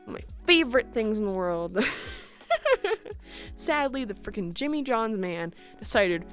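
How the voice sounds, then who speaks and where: A young woman streamer telling a story casually in an animated way, laughing often. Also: on the high side, slow, soft background music.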